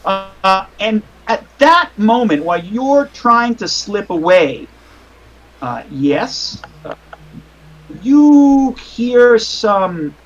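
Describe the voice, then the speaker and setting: A man's voice: high-pitched, big pitch swings, very slow, muffled recording. A man narrating as game master over a call, rambling with restarts and casual swearing. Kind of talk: narrating a tabletop horror game.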